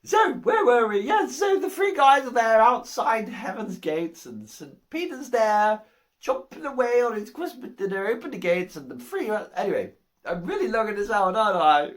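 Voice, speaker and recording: Woman rambling thru a christmas joke, high voice, keeps cracking herself up. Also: sing-song, unhurried. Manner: rambling, giggling joke-teller. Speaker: comic storyteller. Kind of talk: comic Christmas speech.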